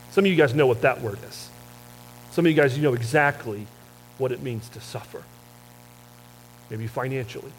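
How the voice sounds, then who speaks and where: A man preaching a sermon in a conversational storytelling way, often dropping soft and low for emphasis. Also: slight background noise, rough recording. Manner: self-described wordy talker. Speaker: pastor.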